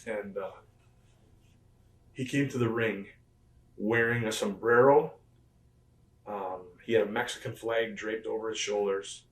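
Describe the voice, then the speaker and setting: A man with a somewhat low voice tells loose, rambling stories, leaning on fillers and small chuckles as he goes. He sounds set back from the microphone. The room around him is roomy and echoing. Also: steady tone, a little slow, long pauses. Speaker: interview guest, former pro wrestler. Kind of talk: casual storytelling interview. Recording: roomy and distant from the mic.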